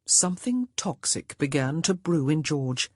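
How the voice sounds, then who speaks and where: A woman reads a historical romance in measured, expressive narration. Her voice is low and husky, with a lively, animated range. It sounds close and dry, with no room around it. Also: no echo. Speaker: audiobook narrator. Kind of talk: scripted narration of a romance novel.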